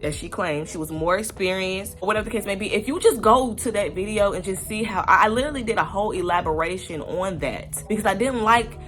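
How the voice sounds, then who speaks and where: A woman's voice: mid-range voice, fast, few pauses, fairly bright tone, soft background music. A young woman talking casually to camera in a rambling, candid commentary vlog, swearing freely and piling up fillers. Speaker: vlogger.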